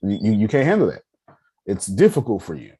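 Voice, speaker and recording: A man leads a video-call class on money in a low, husky voice. He talks in an animated, joking way, calls on his listeners and often restarts his sentences. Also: fairly quick. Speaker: meeting host teaching personal finance. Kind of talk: casual teaching talk.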